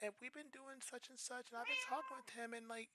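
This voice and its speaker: A woman's voice: fairly high pitch, fast talker, noisy background, voice pushed up, natural voice. A man voicing his teenage girlfriend, coy and teasing, hesitant and full of ums. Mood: hushed, coaxing.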